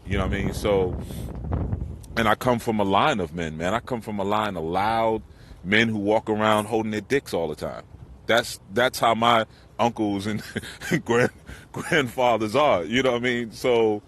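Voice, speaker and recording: Out by the water, a middle-aged spiritual teacher talks in a loose, rambling monologue, swearing along the way. His voice is lowish, fairly bright and a little slow, and the low-quality recording carries windy outdoor noise.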